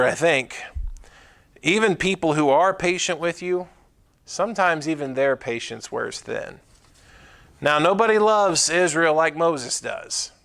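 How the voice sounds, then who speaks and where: A man's voice: medium pitch, gravelly, fairly bright tone. A man preaching a sermon, talking it through casually with fillers and tag questions like "right?". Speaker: pastor.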